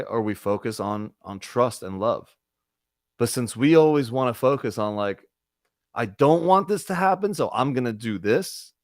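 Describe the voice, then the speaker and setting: A man's voice: medium pitch, dry recording, clean studio sound. A man hosting an online spiritual discussion group, talking casually and earnestly with repeated, searching phrases. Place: online group video call.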